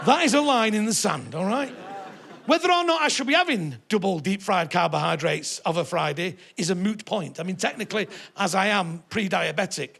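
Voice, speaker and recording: Gravelly northern English comic. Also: male voice, high voice, sing-song, moderate pace, a bit bright. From northern England. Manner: rambling, sardonic, sweary banter. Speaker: stand-up comedian. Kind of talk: live stand-up set.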